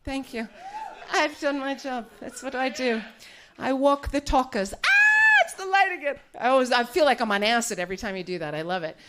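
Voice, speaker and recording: A woman's voice: high voice, huge pitch swings, normal speed, shouting, heavy background noise. A woman comedian doing live stand-up on a club stage, brash and profane, teasing the crowd.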